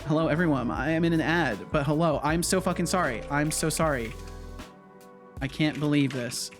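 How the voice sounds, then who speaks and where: A man's voice: fairly high pitch, normal speed. Casual male streamer, stumbles over his words a lot, light music in the background. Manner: stammers and repeats himself. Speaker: streamer and game developer. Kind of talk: casual livestream chat. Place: home.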